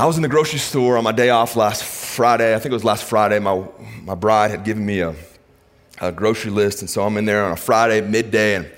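Pastor preaching with swinging energy. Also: male voice, lowish voice. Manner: storytelling, swings from hushed to emphatic. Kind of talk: sermon.

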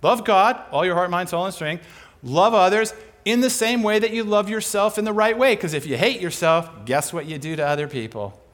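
A man preaching a sermon in an animated, conversational way, asking and answering his own rhetorical questions. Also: high-pitched, normal speed.

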